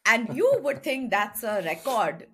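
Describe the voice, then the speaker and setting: A woman co-hosting a film podcast, chatting casually in quick, lively bursts. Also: a little high, a little hiss or hum. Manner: animated, quick bursts, laughs often. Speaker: podcast co-host.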